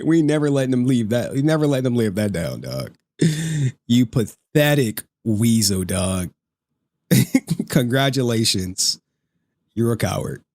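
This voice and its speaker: A man's voice: medium pitch, dry recording, studio quality. Taunting, laughing male streamer. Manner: laughs often, profane, taunting; calls people "dog". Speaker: streamer commentator. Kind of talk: mocking live-stream commentary.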